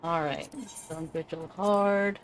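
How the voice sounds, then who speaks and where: A woman's voice: lowish voice, steady tone, slow pace, over music. A woman streamer giving chatty, self-amused commentary while playing a game. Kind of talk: casual gameplay commentary.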